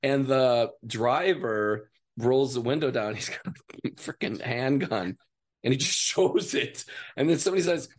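A man in his fifties, an actor being interviewed in a podcast studio, telling animated stories, acting out other people's voices and laughing often. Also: mid-range voice, measured pace. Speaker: guest actor. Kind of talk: casual interview storytelling.

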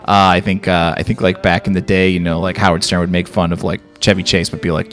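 Low-voiced Chicago-accented man rambling. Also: level tone, fast, few pauses, fairly bright tone, faint music behind. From Chicago area. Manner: rambling, many restarts and fillers. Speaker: podcast co-host. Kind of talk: casual chat.

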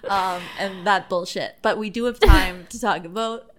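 A woman from Canada co-hosting a podcast, chatting in an animated way with quick, giggly asides. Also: mid-range voice. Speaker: podcast co-host. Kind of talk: casual chat.

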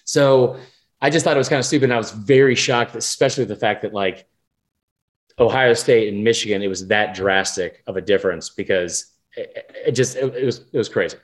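Animated, swearing sports podcast man. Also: on the low side, a little fast. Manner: animated, profane, rambling. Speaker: podcast co-host. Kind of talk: casual sports chat.

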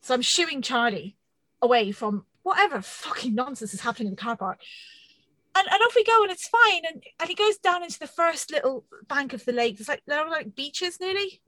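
A woman in her thirties telling a funny story on a podcast, animated and self-mocking, swearing often. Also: high voice, brisk, dry recording, low-quality recording. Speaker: podcast co-host. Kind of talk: casual storytelling chat.

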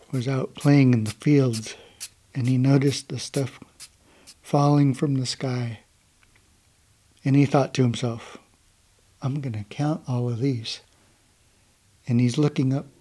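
A calm, laid-back young man from the United States, telling a traditional story to a gathering. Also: mid-range voice.

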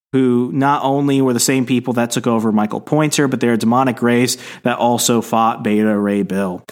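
A man co-hosting a laid-back podcast. He walks through comic book panels and quotes the characters' lines, and his talk is full of fillers. His voice sits at an ordinary middle pitch. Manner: retells comic scenes, quoting characters' lines; chatty, with frequent fillers. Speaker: podcast co-host. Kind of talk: casual podcast chat.

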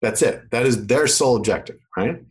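A man's voice: mid-range voice, fairly quick, husky, poor audio. A man from Canada with a faded Canadian accent, explaining marketing in a casual chat and acting out quoted voices. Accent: Canadian, mostly faded. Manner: animated, acts out quoted voices in his explanations.

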